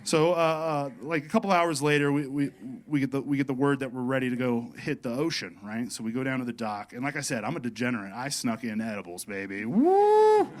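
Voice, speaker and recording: A man's voice: mid-range voice, steady tone, fast, hardly any pauses. A male stand-up comedian telling a profane, rambling set in a comedy club, leaning on "you know what I mean" over audience laughter.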